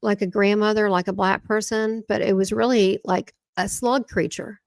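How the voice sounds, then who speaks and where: Female medium guest, chatty and animated, restarts her thoughts a lot, middle pitch, dry close sound. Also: moderate pace, gravelly, dry recording. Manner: animated, breaks off and restarts sentences. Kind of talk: casual interview chat.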